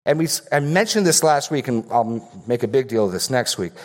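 A man's voice: medium pitch, lively intonation, fairly quick. A man preaching an expository sermon as pastor, earnest and emphatic, often repeating key phrases for stress.

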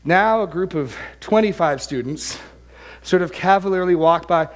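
A man's voice: high voice, expressive, moderate pace. Emphatic male preacher. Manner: earnest, emphatic, repeats words. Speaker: pastor. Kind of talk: sermon.

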